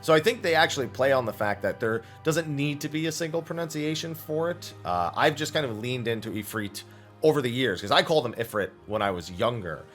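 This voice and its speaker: A man hosting a weekly question-and-answer show, answering viewers with eager, wandering explanations. His mid-pitched voice swings widely up and down as he talks. Faint music plays quietly behind him. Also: animated, a little fast. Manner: enthusiastic, explanatory, talks in long run-on thoughts. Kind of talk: casual Q&A explanation.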